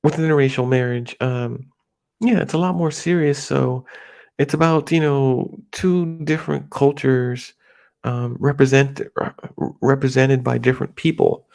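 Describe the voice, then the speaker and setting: A middle-aged man from the United States talks off the cuff, his voice gravelly and set at a middle pitch. He rambles and halts, restarting his sentences as he goes, in a casual solo talk. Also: steady tone, a little mellow. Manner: rambling, halting with many restarts and fillers. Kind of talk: casual monologue.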